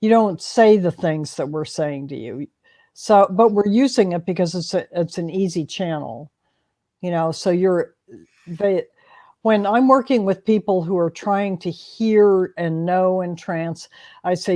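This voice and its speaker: A woman working as a hypnotherapist, explaining in a calm, soothing way with many restarts during a panel discussion. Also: on the low side, measured pace.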